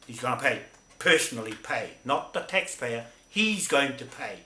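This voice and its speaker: NZ-man, forceful and emphatic, repetitive rambling monologue, echoey room. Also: mid-range voice, expressive, moderate pace. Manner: emphatic, repetitive, with frequent "right?" tags. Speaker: activist speaking to camera.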